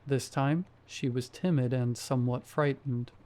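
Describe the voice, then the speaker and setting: A man reading a first-person horror story aloud in a steady storytelling manner. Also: medium pitch, a little slow. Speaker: story narrator. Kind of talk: scripted horror narration.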